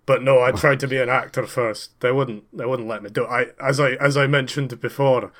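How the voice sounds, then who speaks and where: A man's voice: mid-range voice, fairly even intonation, fairly quick, fairly bright tone, close to an everyday voice. A man voicing a boastful, self-important Scottish talent agent who once failed as an actor, speaking in a Scottish accent. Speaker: player. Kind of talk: tabletop role-play.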